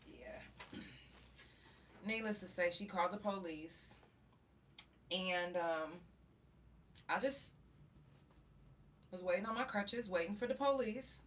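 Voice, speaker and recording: A woman podcast host telling a story in a profane, animated way and acting out the quotes. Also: medium pitch, takes it slowly, long pauses, distant mic, slight background noise. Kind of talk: casual storytelling.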